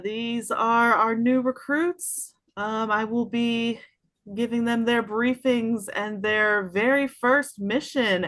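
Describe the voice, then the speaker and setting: A woman voicing a brisk, polished female agent of a secret society in a tabletop game, bright and formal. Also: a little high, dry recording, voice pushed up.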